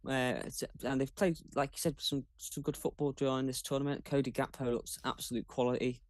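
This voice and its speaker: A man talking football as a guest on a casual chat show, measured and thoughtful. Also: mid-range voice, flat delivery, dry recording. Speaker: guest pundit.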